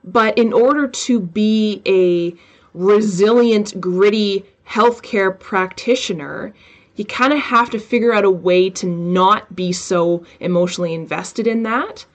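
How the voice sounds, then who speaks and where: A woman hosting a relaxed podcast conversation. She talks in quick, animated bursts and keeps breaking into little quoted asides, with her pitch sitting mid-range. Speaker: podcast host. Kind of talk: casual interview chat.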